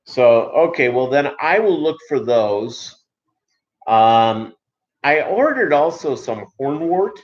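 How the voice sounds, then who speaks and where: A man's voice: mid-range voice, expressive, slow. Male streamer from Minnesota, casual and meandering, lots of "uh", dull lo-fi recording. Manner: rambling, many filler ums and uhs. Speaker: livestream host. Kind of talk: casual livestream chat.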